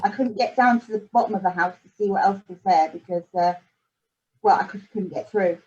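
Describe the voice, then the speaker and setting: A woman playing a tabletop game, speaking in halting starts and repeated words. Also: mid-range voice, darkish tone. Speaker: player. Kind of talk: casual tabletop game chat. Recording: dull lo-fi sound.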